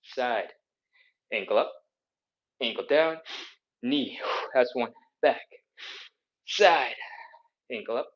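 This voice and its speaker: A man's voice: mid-range voice, takes it slowly, pauses often, muffled recording. A man leading a live stretching workout, counting reps aloud while he exercises, a bit out of breath. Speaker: fitness instructor. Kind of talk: live mobility workout instruction.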